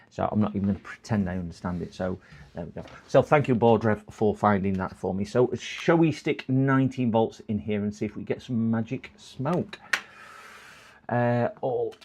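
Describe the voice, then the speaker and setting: Rambling repair streamer, lively pitch. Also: male voice, breathy edge. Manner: rambling, chuckling, chatty. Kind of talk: casual live-stream chat while repairing.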